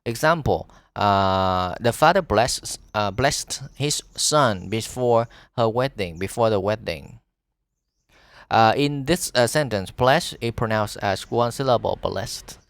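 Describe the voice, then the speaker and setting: Vietnamese guy teaching english, reads slow n halting w lots of uh's, kinda low voice. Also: vocal fry, no room sound. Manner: halting reading with frequent "uh" fillers and restarts. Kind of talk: reading an article aloud as a lesson.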